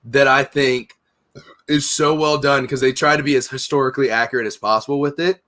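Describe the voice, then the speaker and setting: A man's voice: mid-range voice, fairly even intonation, brisk, pushed and bright. A man hosting a casual chat, telling rambling, profane stories.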